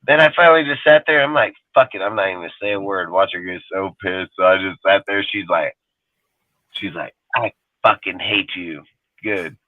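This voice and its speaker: Podcast co-host, man, very low voice, rambling profane storyteller, dry tinny line. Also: moderate pace, no echo. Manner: rambling, cursing, storytelling with acted quotes. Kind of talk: profane casual chat.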